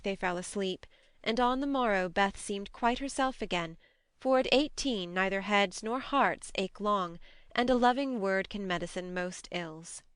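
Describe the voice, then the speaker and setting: A woman narrating an audiobook in a measured, expressive reading. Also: mid-range voice, smooth, no room sound, clean studio sound. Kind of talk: scripted narration.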